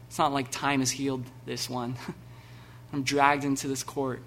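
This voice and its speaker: Animated preaching man, bright voice. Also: mid-range voice, a little slow, a little hiss or hum. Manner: animated, laughing, acting out scenes with sudden loud bursts. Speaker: pastor. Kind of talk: sermon.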